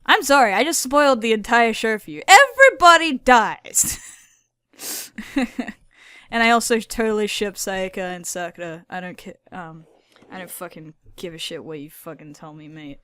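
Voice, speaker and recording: Woman, video host, casual rant, profane, rambling, smooth voice, dry recording. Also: medium pitch, fairly even intonation, normal speed, a bit bright, dry recording. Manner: filler-heavy. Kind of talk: casual anime commentary.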